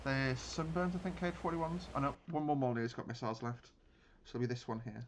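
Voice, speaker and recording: A man's voice: mid-range voice, steady tone, a little fast, a little hiss or hum. A man giving casual gameplay commentary on a naval battle game, thinking aloud with frequent restarts. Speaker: gaming channel host.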